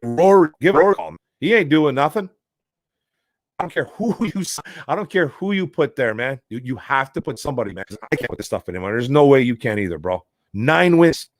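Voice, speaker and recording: Michigan sports talk host, frustrated rambling delivery, dry close sound. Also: male voice, mid-range voice, lively intonation, brisk, dry recording. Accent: Detroit, Michigan. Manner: frustrated, rambling, calls listeners bro and man. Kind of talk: casual sports talk, reading chat questions.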